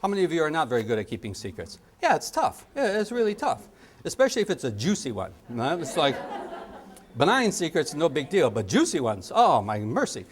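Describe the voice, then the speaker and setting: A middle-aged man leads a parenting training lecture in a lively, joking way, acting out small scenes with sound effects. His voice sits a little high and swings widely in pitch. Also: fairly quick.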